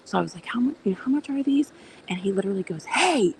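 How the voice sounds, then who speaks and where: A woman's voice: mid-range voice, animated, rapid-fire, gravelly, mellow, slight background noise. A woman hosting a casual live stream from outdoor garage sales, chatty and often dropping into a whisper. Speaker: livestream host.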